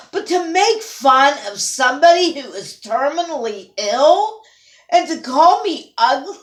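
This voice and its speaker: A woman vlogger with a high, slightly bright voice rants to camera, angry and scolding and at times tearful. The recording has a roomy echo.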